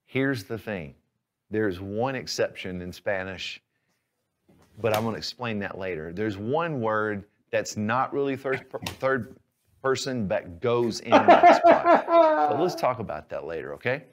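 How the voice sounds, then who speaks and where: A man teaching a language lesson, explaining patiently and clearly, step by step. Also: lowish voice, very animated, a little slow, slight background noise. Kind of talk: instructional lesson.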